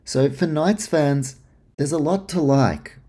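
A man's voice: on the high side, slow pace, dark tone, breathy edge. Blunt, swearing sports talk man. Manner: blunt, swears freely, frustrated asides. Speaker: sports podcast host. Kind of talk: casual sports commentary.

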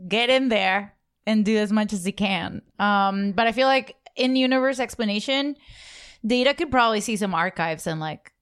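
A woman's voice: medium pitch, moderate pace, clean tone. A woman co-hosting a casual podcast chat, playful and joking. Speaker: podcast co-host.

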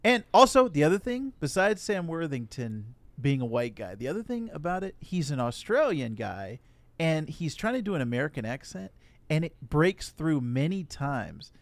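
A man co-hosting a casual podcast, talking through a movie and acting out characters' lines in quick asides. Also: fairly high pitch, sing-song, no room sound. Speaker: podcast co-host. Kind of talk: casual movie review chat.

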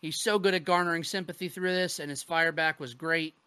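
A man hosting a casual chat, recapping with excitement and lots of swearing. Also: fairly high pitch, brisk, smooth, dry recording. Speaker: podcast host.

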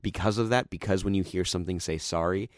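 A young man with a very deep, low voice talks in a loose, rambling way, full of "like" and "um". He retells stories with eager energy and sinks into a hushed mutter whenever he quotes someone. The sound is dry and close, with no room around it. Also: fast talker, dry recording. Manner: rambling, many fillers, drops into low quiet voice for quotes. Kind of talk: casual chat, retelling stories.

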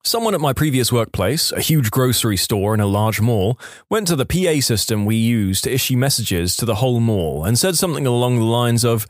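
A man reads out short stories in a scripted narration. His pitch sits in a middle register but swings widely as he tells them. The sound is dry, with the voice close to the mic. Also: very animated, a little fast, dry recording.

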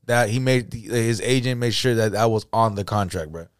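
Animated male co-host who says "bro". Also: lowish voice, brisk, smooth, dry recording, clean studio sound. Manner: animated storytelling, says "bro" constantly, acts out quotes. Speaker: podcast co-host. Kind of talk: casual chat. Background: faint music.

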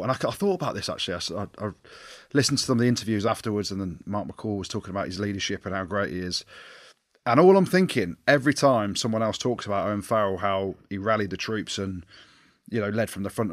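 Guy on a rugby podcast, lowish voice, dry close sound, gets fired up and laughs a lot. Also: dry recording. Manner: lively, argumentative, quick to laugh. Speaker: podcast co-host, former rugby fly-half. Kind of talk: casual sports chat.

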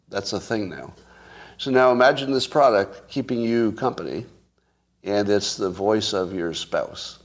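A man's voice: on the low side, a little mellow. A man from California hosting a show, chatting casually and joking as he rambles between topics. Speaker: host. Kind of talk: casual chat with listeners.

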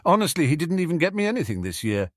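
Brief: man reading cocky teen boy wizard, bright, lively, sarcastic. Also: a little high, dry recording, clean studio sound, pitched above the performer's own voice. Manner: smug, quick-witted banter.

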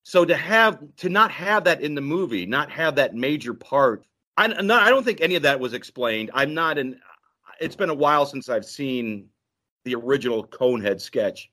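A male podcast host in casual conversation with a very lively voice. He retells scenes and acts out lines as he talks. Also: medium pitch, normal speed. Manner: animated, quotes scenes in voices. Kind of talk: casual chat.

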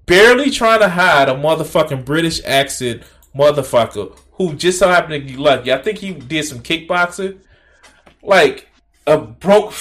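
A man's voice: a little high, lively intonation, normal speed, a bit bright. A man hosting a reaction video, talking in a casual, profane and incredulous way, mocking and laughing at what he watches.

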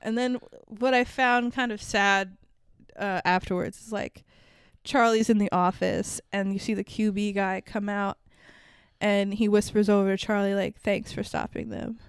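A woman's voice: medium pitch, fairly even intonation, unhurried, smooth, no room sound, clean studio sound. A woman co-hosting a casual movie podcast, swearing freely, laughing often and acting out the characters' lines. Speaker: podcast co-host. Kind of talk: casual movie-review chat.

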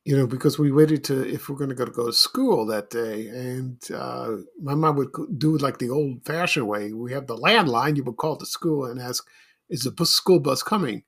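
A man's voice: medium pitch, normal speed, hardly any pauses, fairly bright tone, husky. A middle-aged man from Chicago hosting a casual solo podcast, rambling and nostalgic with many fillers and restarts. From Chicago, USA. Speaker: podcast host.

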